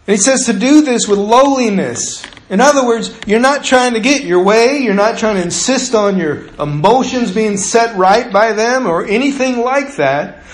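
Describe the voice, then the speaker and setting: A male pastor preaching in a conversational way, his voice fairly high for a man. He slows and quiets down to drive points home. The sound carries the echo of a roomy church. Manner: conversational preaching that drops to slow, quiet emphasis. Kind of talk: sermon. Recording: echoey room.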